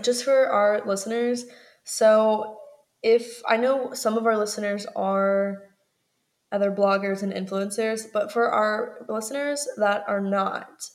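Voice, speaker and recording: Chatty young woman podcast co-host. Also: mid-range voice. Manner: chatty, frequent "like", laughs often. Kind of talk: casual chat.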